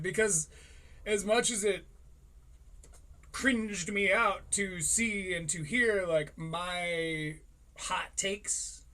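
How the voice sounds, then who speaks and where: Hosting a live-streamed comedy commentary show, a man with a high-pitched, pushed, bright voice talks casually and sarcastically. He swears a lot, laughs frequently and slips into mocking voices.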